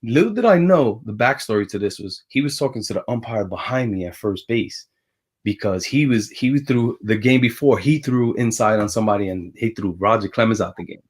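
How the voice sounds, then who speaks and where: A man with a New York accent, a former pitcher telling a story as a guest in a casual chat, animated and laughing as he talks. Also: brisk, husky. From Brooklyn, New York.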